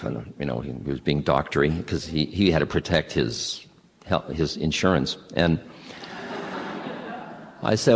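A man giving a spiritual talk, telling stories in an unhurried way with halting restarts. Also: very deep voice, animated, gravelly. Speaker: spiritual teacher. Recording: long hall reverb.

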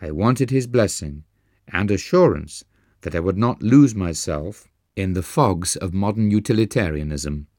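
Audiobook narrator, male, deep register, earnest measured delivery, dry booth sound. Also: expressive, a little mellow, dry recording.

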